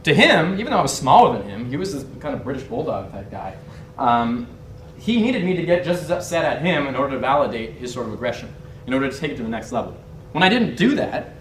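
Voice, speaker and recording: A man's voice: medium pitch, expressive, brisk, a bit bright, a little hiss or hum. A young man teaching body language through a candid, brash story, swearing and laughing as he talks, heard through a distant mic in a roomy space. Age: young adult. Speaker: body language and dating instructor. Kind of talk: casual storytelling lesson.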